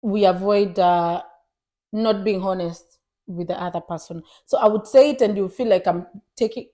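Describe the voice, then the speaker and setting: A young woman co-hosting a casual chat podcast. She talks in an animated way, switching between English and Swahili. Her voice is mid-pitched and she acts out what others said to her. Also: moderate pace. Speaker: podcast co-host.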